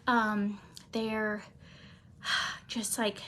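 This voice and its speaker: A woman chatting casually through a makeup routine, rambling with many fillers and pausing to talk to her cat. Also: mid-range voice, little pitch movement, pushed and bright, a little hiss or hum. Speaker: beauty vlogger.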